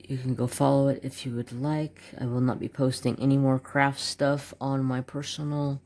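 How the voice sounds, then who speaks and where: A man's voice: medium pitch, flat delivery, normal speed, a little mellow. A man in his forties chatting casually as a craft channel host, rambling and joking with muttered asides while swatching markers at his home desk.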